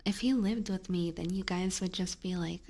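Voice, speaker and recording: A young woman streaming ASMR on a binaural microphone, chatting in a soft whisper, rambling and giggling often. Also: fairly low pitch, normal speed. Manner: giggly, rambling with many fillers. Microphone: binaural ear microphone.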